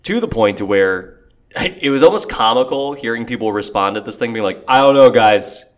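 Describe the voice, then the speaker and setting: A young adult man co-hosting a podcast, chatting casually with lots of swearing and jokes, sometimes mimicking people in a high voice. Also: lively intonation, brisk. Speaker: podcast co-host. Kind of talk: casual banter.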